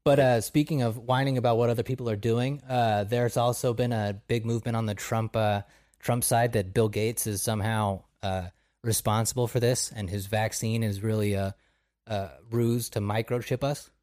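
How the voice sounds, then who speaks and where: Casual podcast co-host, male, dark mellow tone, dry close sound, sarcastic and profane. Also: fairly low pitch, steady tone, moderate pace, dry recording. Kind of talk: casual chat.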